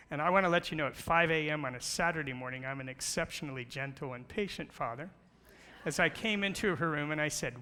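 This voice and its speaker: A man's voice: a little high, brisk, sharp tone. A middle-aged man giving a playful church talk, asking questions and telling jokes. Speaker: guest speaker on creation. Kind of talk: church presentation with slides. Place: large church hall. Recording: long hall reverb.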